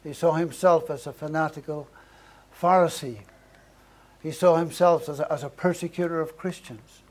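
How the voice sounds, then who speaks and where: A man's voice: high voice, a little mellow. A man preaching a sermon, earnest, building emphasis through short repeated phrases.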